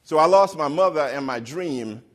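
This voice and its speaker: A middle-aged man on stage telling a personal story to an audience, animated and acting out the voices of the people he quotes. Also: on the high side, moderate pace. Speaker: keynote speaker. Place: stage before a live audience.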